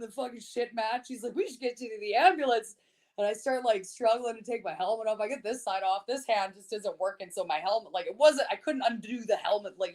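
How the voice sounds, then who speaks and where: Brief: a woman guest with a fairly high voice. She's a blunt, foul-mouthed, animated storyteller. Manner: swears a lot, lively and laughing. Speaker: podcast guest. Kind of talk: casual storytelling chat.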